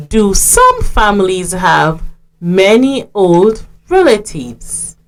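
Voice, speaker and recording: A woman with a Sierra Leonean accent teaching a radio reading lesson for young children, clearly sounding out syllables and letters. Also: medium pitch.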